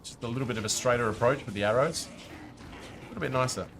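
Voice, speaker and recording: A man's voice: medium pitch, fast, gravelly, noisy background. A man streaming a game, chatting casually with his viewers while he plays. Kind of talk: casual live-stream commentary.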